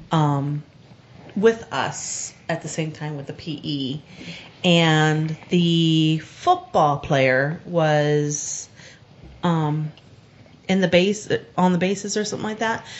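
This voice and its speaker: A woman co-hosting a podcast, telling a story in frank casual chat with fillers and swearing. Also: low-pitched. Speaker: podcast co-host. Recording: dull lo-fi recording.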